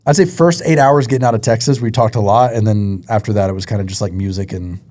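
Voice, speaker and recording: A man co-hosting a podcast, telling stories in relaxed casual chat and swearing offhandedly. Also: fairly low pitch, fast. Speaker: podcast co-host.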